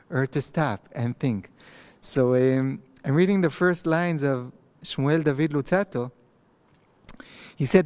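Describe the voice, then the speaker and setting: A man's voice: mid-range voice, a little mellow. Man, mid-range voice, rabbi lecturing to a mic, reflective and informal. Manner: thoughtful, conversational, with pauses and restarts. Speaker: rabbi teaching a text class. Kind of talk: recorded online lecture. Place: empty study hall. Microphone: microphone.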